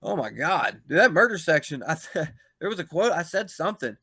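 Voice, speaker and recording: Bright-voiced man telling a story. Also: a little high, a little fast, breathy edge, no echo. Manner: animated, swearing, acts out quotes in loud bursts. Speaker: pro wrestler, podcast guest. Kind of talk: casual storytelling chat.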